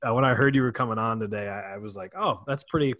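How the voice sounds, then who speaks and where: Young dude hosting, chill rambly talk, kinda low voice, dry mic. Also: male voice, fairly even intonation, racing, fairly bright tone, dry recording. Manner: laid-back, filler-heavy. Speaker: podcast host. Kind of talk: casual chat.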